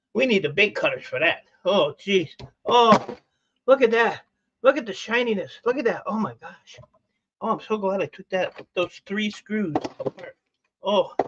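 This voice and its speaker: While taking apart e-waste for scrap, this livestream host chats casually in a high, unhurried voice, bursting into gushing exclamations over each find. The recording has its highs cut off and carries a little hiss or hum.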